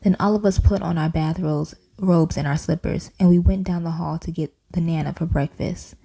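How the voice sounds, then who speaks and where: Casting: a woman narrating a kids' storybook, playful and animated, with a low, deep, dark tone. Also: normal speed, vocal fry. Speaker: audiobook reader. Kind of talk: children's storybook reading.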